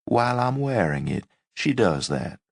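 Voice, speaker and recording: A man voicing a stern, pompous male chief resident doctor with a soft Southern accent, speaking in a slow, clipped, condescending way. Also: fairly low pitch, sing-song, gravelly, slightly rough, no room sound, clean studio sound, voice pushed up, heavily acted. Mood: smug.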